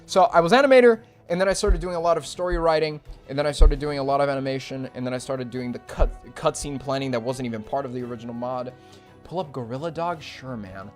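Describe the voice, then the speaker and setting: A young man streaming casually as an animator, rambling with fillers and swinging from low mumbles to loud, excited yelps. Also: quick pace. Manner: rambling with many fillers and restarts. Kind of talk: casual livestream chat. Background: faint music.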